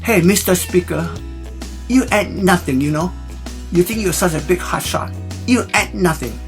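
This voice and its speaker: A man's voice: high voice, moderate pace, soft background music, pitched above the performer's own voice. A man voicing a surly, fed-up male chauffeur with a put-on Southern American drawl. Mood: sneering.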